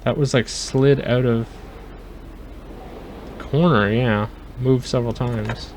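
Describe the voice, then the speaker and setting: A man's voice: medium pitch, fairly even intonation, slow, a little mellow, a little hiss or hum. A man casually commentating his gameplay, chatting with his live chat and joking around. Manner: chatty, talks to live chat, jokey mock accents. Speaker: let's play host.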